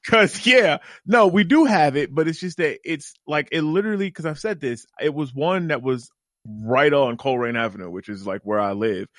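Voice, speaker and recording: A man, co-hosting a gaming podcast in casual chat, animated and profane, telling stories with lots of enthusiasm. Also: a little high, normal speed, no room sound, studio quality. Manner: animated, profane, excitable storyteller. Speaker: podcast co-host.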